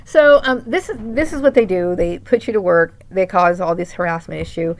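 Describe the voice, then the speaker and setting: A woman's voice: on the low side, moderate pace. A middle-aged woman venting in a rambling personal vlog monologue, indignant, with many restarts and tag questions. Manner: rambling, indignant, full of "right?" tags and restarts. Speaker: vlogger.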